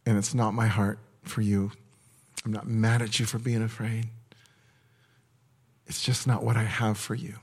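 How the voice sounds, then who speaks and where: A man speaking in the voice of a gentle, loving heavenly father, soft, hushed and reassuring, as a prophetic word in a sermon. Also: fairly low pitch, little pitch movement, unhurried, pauses often, breathy edge. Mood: tender. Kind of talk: prophetic word spoken as God.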